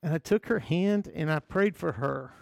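A man's voice: on the high side, lively intonation, normal speed, gravelly, no echo, studio quality. A man from the United States preaching a sermon as pastor, telling a story with chuckling asides.

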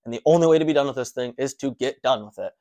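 A man at an ordinary mid pitch tells his own story casually. He speaks in an animated way and often restarts his sentences as he relives the moments. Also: very fast. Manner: animated, breathless recounting with restarts.

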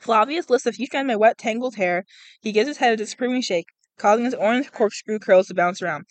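A woman's voice: fairly high pitch, quick pace, no echo, low-quality recording. Young adult woman, casual read-aloud host, stumbles and giggles, dry cheap-mic sound. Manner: stumbles over words, laughs often, says "like" a lot. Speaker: podcast host reading a book aloud. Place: outdoors in a public spot. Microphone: cheap small microphone.

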